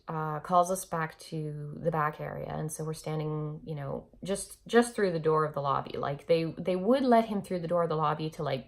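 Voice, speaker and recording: A young woman candidly telling an emotional personal story as a vlogger, with nervous laughs and frequent restarts. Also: deep voice.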